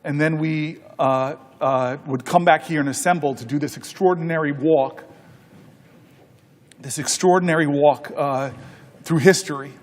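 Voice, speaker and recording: Middle-aged male senator, high voice, storytelling on the floor, halting delivery, echoing hall. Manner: halting, repeats words, folksy anecdotes. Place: large legislative chamber. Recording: long reverb of a large chamber.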